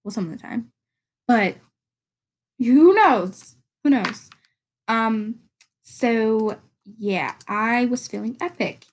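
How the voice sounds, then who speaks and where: A woman's voice: a little high, animated, slow pace, pauses often, a little hiss or hum. A woman hosting a casual solo podcast, rambling, giggling often and searching for words. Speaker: podcast host.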